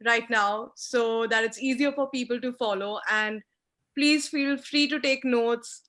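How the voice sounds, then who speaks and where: A woman's voice: on the high side, steady tone, a little slow, fairly bright tone. A young woman giving an online lecture on moot court skills over a video call, speaking in an emphatic, instructive way. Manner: emphatic, instructive, talks with hand gestures. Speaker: guest speaker teaching mooting.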